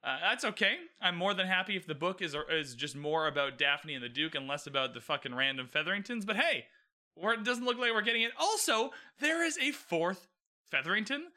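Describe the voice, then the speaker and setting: Bright-voiced man ranting casually. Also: high voice, brisk. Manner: animated, swearing, frequent "you know what I mean". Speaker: book and show commentator. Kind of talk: casual reaction commentary.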